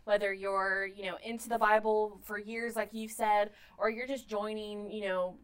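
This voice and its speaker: A woman's voice: medium pitch, little pitch movement, moderate pace, clear, resonant tone. A woman co-hosting a faith podcast, chatting in a bubbly, encouraging way and handing over to her partner. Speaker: podcast co-host. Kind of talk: casual podcast chat.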